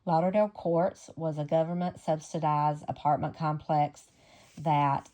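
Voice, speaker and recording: Low, mellow woman reader for a memoir audiobook, measured and unhurried, with casual asides. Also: fairly even intonation.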